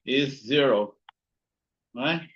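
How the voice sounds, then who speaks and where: A man's voice: medium pitch, very slow, a bit bright, muffled recording. A man teaching a physics lesson, working through notes, repeating key words and checking in with "right?" and "here you go". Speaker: physics instructor. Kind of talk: recorded lecture while writing notes.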